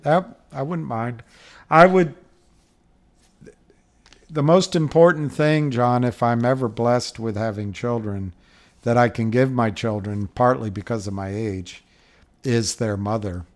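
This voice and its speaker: A man's voice: mid-range voice, slow, pauses often. A middle-aged man hosting a livestream, chatting casually and rambling through viewer comments with frequent chuckles. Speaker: livestream host.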